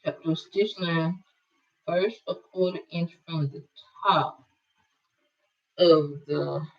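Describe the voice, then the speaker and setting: A woman's voice: on the low side, fairly even intonation, slow, vocal fry, recorded from a distance. A woman teaching a casual sewing tutorial as a quilting instructor, chatting and thinking aloud while she works. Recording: dull lo-fi sound from away from the mic.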